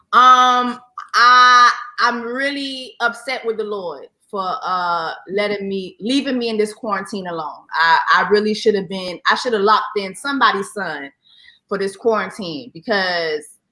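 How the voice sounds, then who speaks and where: A woman's voice: on the high side, pushed and bright. A woman guest chatting playfully from her home over a video call, slangy and breaking into sung snippets. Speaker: guest judge. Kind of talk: casual chat. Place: home in New Jersey. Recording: roomy home echo.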